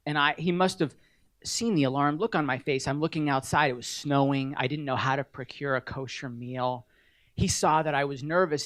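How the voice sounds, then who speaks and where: A man's voice: fairly high pitch, a little fast, dry recording. A middle-aged man giving an award acceptance speech at a podium, telling wry, self-deprecating stories.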